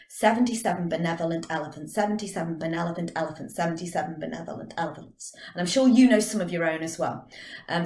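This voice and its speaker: A middle-aged woman teaching drama, leading a vocal warm-up with clear, encouraging instructions. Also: on the low side. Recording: echoey room.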